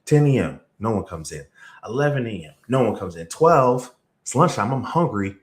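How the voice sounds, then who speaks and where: A man coaching on sales, telling stories in a motivational talk, energetic, with sudden jumps in pitch and loudness. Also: normal speed. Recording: roomy echo.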